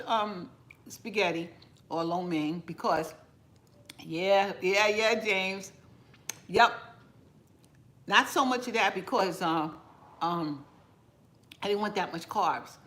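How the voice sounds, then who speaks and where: A woman's voice: medium pitch, fairly bright tone. Chatty New woman eating on camera. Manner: chatty, rambling, talks while eating with mouth full. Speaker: cooking vlogger. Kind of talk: casual eating vlog chat with live viewers. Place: home kitchen.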